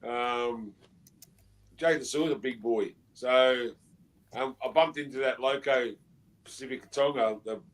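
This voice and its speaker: Laid-back man, mid-pitched. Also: a little slow, pauses often, poor audio. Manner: laid-back, hesitant with ums. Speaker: podcast co-host. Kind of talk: casual fan panel chat.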